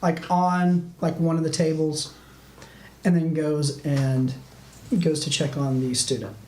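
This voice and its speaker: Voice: medium pitch, level tone, slow, a little mellow. A game master narrating a tabletop game, rambling loosely with many restarts and "like". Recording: echoey room, faint background noise.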